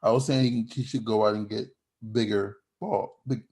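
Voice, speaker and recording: A man's voice: on the low side, steady tone, normal speed, a little mellow. A man hosting a podcast in casual chat, rambling with frequent restarts and laughing as he talks. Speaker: podcast host.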